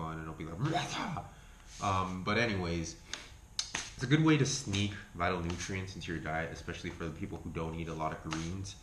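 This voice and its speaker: Casual male vlogger, Argentine accent, very low voice, loose and profane, echoey room with faint hiss. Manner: rambling, swears freely, self-correcting. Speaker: health food vlogger. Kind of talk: casual chat review.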